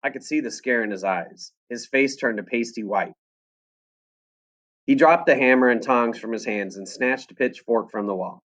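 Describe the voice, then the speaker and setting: A man's voice: mid-range voice, normal speed. A man reading a first-person novel aloud to a class in a classroom, telling the story expressively. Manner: expressive storytelling with lively voices.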